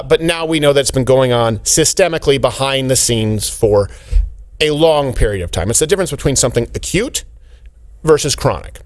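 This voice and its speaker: A man in his thirties hosts a political talk show with biting sarcasm. His voice swings widely in pitch and sits a little high for a man. He often drops into mocking impressions. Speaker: show host.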